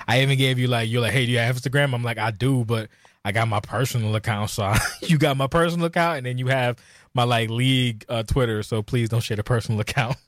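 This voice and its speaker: A man hosts a casual interview at middle pitch, loose and joking. He stumbles over his words and repeats them, and the sound is close and dry. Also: no echo. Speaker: podcast host.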